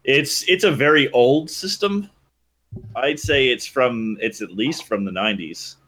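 Chatty man, rambling guest storyteller, average pitch. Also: unhurried. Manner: animated, rambling storyteller with restarts. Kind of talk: casual chat.

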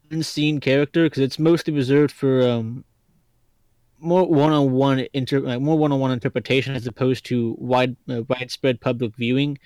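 A man's voice: medium pitch, darkish tone, no echo. Hesitant man with a dry close sound. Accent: hard-to-place, not regional Kentucky. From Lexington, Kentucky, US. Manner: rambling, hesitant, playful. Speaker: podcast guest. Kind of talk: casual chat.

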